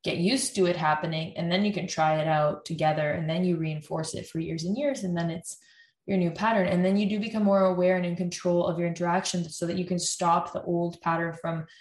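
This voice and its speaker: A woman, a couples therapist, explaining how therapy works and acting out what partners say to each other in quick quoted lines. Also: on the low side. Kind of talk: explanatory talk. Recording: roomy echo.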